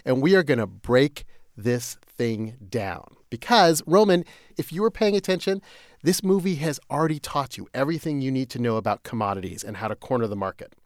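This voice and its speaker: Lively male podcast co-host. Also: mid-range voice, a little fast, no echo, clean studio sound. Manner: lively, animated, laughs easily. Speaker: podcast co-host, economics reporter. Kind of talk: casual chat, scripted explainer.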